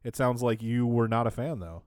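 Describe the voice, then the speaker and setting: A man's voice: medium pitch, moderate pace, a little mellow, smooth, no room sound, clean studio sound. A man co-hosting a podcast, recapping in casual chat with a sarcastic, wry tone and frequent laughs. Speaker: podcast co-host.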